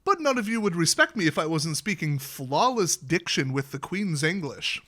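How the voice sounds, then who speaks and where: Offering laid-back tips about casinos, this man chats on and on while keeping his diction deliberately crisp and polished. When he voices other people's words, his pitch jumps up abruptly, and his delivery is sing-song and slightly bright.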